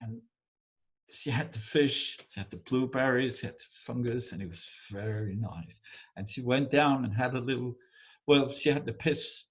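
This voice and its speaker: A man telling a folk tale in English, halting and repeating words, often checking in with his listener. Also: mid-range voice. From Denmark. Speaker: storyteller. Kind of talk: oral folk storytelling.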